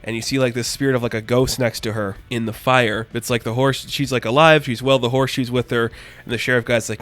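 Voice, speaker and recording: A man's voice: medium pitch, steady tone, fairly quick, a bit bright. A man giving a casual, enthusiastic spoken review of a comic book, rambling with lots of filler words.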